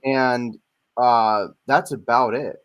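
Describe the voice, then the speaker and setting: Man in his forties, slow-spoken, rambling with lots of ums; casual stream co-host. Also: mid-range voice, fairly even intonation, fairly bright tone, smooth, muffled recording. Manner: rambling, hesitant, lots of fillers. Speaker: podcast co-host. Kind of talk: casual chat.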